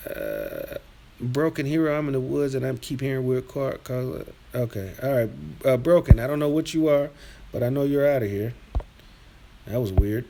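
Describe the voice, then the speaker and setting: A man hosting a live stream, reading chat aloud and trash-talking viewers in a combative, rambling rant that drops to mutters and rises to yelling. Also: big pitch swings, moderate pace, vocal fry, noisy background. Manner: swings from low muttering to loud yelling. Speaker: livestream host reading chat.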